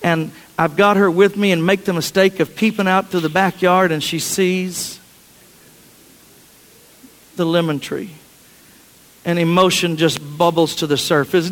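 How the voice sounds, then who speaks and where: A man's voice: high-pitched, unhurried, long pauses, big-room sound, low-quality recording. A man preaching a sermon, telling a family story in a chatty, anecdotal way with frequent restarts.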